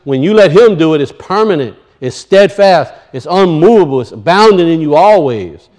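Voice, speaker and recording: High-voiced preacher, animated and questioning. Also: male voice, moderate pace. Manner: animated, asks the audience questions. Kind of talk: sermon.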